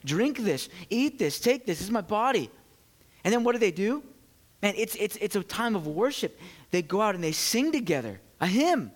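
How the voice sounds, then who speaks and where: A man preaching a sermon to his church, animated and swinging from loud bursts to hushed moments. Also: high voice, moderate pace. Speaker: pastor.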